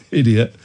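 A male radio host chatting jokily on a late-night show, teasing his co-host and callers and slipping into mock accents. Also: mellow.

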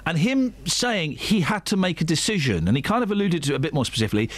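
A man's voice: fairly high pitch, very animated, quick pace, no echo. A man hosting a breakfast radio show, bantering in a teasing, jokey way. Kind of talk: casual radio chat.

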